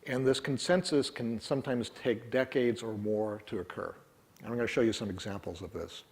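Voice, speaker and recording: A man's voice: mid-range voice, moderate pace, breathy edge. A middle-aged man giving a wry, conversational technical talk at a conference, full of ums and uhs. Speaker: conference speaker. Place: conference room.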